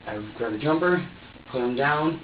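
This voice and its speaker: A distant room camera picks up a man with a medium-pitched voice, lively intonation and a moderate pace, with slight background noise and a dull, echoey sound. He is being questioned by police and tells detectives what happened in a meandering way, going over the same points and performing his own lines.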